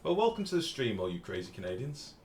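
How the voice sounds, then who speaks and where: A man's voice: medium pitch, sing-song, quick pace, a little mellow, slight background noise. An English man chatting casually while live-streaming a game, swearing freely and reading out chat messages. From England.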